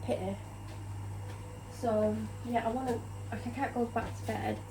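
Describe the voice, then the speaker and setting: A woman's voice: a little high, steady tone, measured pace, background noise. A tired woman rambles in casual chat about her day while cooking in her home kitchen. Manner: rambling, chatty, self-deprecating. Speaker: vlogger.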